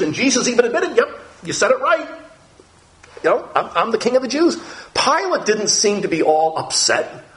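A man's voice: on the high side, a bit bright. A man preaching a Bible lesson, reading scripture aloud and explaining it as he goes. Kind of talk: Bible teaching.

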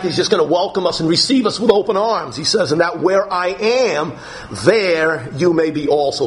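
A man preaching a sermon, reading scripture aloud slowly and explaining it with emphasis. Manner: slow, emphatic scripture reading, rising to higher pitch when dramatizing.

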